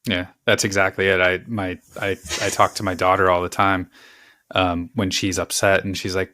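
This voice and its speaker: A podcast guest with a very deep voice that still cuts through bright and forceful. He talks plainly and matter-of-factly. The sound is dry and close. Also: little pitch movement, moderate pace, no echo. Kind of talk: casual podcast conversation.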